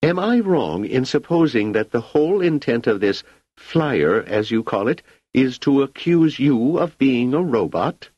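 A man's voice: medium pitch, big pitch swings, a little slow, no room sound, voice pushed up. A man reading an audiobook, voicing an agitated, imperious male galactic emperor who demands answers. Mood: indignant. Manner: shouting, demanding, indignant. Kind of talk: audiobook character voice. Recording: slightly muffled lo-fi recording.

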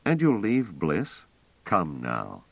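A man voicing a blunt, direct younger man who is impatient but trying to stay calm. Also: deep voice, takes it slowly, creaky, no room sound, full character voice. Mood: wry. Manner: direct, terse.

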